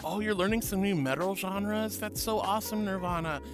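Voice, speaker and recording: A man with a high, light voice chats with his stream, greeting viewers one by one and calling them honey and sweetie. He is playful and bursts into silly noises. Soft music plays faintly behind him. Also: moderate pace. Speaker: VTuber streamer. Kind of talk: casual chat reading viewer messages.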